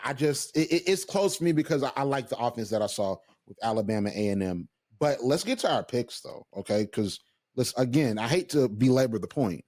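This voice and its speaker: A man's voice: medium pitch, darkish tone. A man co-hosting a sports podcast, talking casually and emphatically with frequent restarts and asides. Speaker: podcast co-host.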